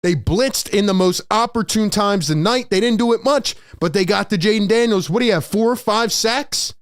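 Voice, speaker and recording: A high-pitched man delivers an animated postgame sports rant. He jumps into shouted bursts and acts out the players' voices. The recording is dry and close, with no room sound. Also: normal speed, smooth, no room sound. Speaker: sports show host.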